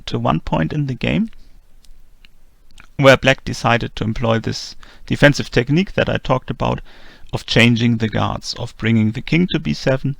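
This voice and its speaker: Male chess instructor, heavy vocal fry, dry close-mic read, methodical delivery. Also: medium pitch, moderate pace, no room sound. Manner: methodical, calm move-by-move explanation. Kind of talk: explanatory chess lesson narration.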